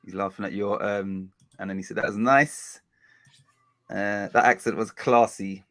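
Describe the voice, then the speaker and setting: A man's voice: lowish voice, steady tone, measured pace, a bit bright. A man hosting a football watch-along stream, talking in a rambling, chatty way and often correcting himself. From England. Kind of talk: casual live-stream chat.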